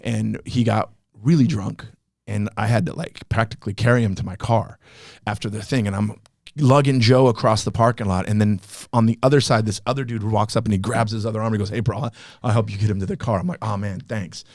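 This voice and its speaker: A man's voice: fairly low pitch, brisk, no echo, studio quality. A middle-aged man from Los Angeles, a comedian telling stories on a podcast and acting out what people said, swearing freely. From Los Angeles, USA. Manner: animated storyteller acting out quotes, swears freely. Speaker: comedian guest. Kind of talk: casual podcast storytelling.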